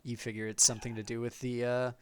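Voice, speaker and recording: A man's voice: mid-range voice, little pitch movement, fast talker, background noise. A man narrating as game master, explaining at length with apologetic asides.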